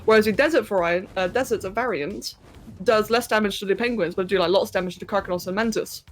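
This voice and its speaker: A woman's voice: medium pitch, fast, faint music behind. A woman streaming a game live, chatting casually, thinking aloud and answering her chat as she plays.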